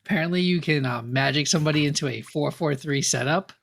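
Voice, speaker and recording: A man's voice: a little high, quick pace, vocal fry, fairly bright tone. A man co-hosting a podcast with dry, skeptical remarks in casual chat. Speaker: podcast co-host.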